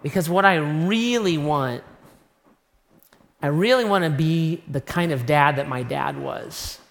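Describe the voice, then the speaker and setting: A middle-aged man preaching a sermon, telling a personal story in an animated, self-mocking way. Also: a little high, a little slow, creaky. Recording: long reverb of a large hall.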